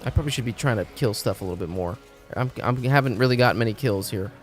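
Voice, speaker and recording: Over soft background music, a man streams games and talks fast in a mid-range voice. He rambles and swears through the casual chat, tripping on his words and starting sentences over.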